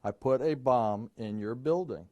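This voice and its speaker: A man's voice: medium pitch, a little slow, mellow, muffled recording, pitched below the performer's own voice, close to an everyday voice. A man acting out a curt, menacing male caller who phones in a bomb threat, heard from a distance. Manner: curt, withholding.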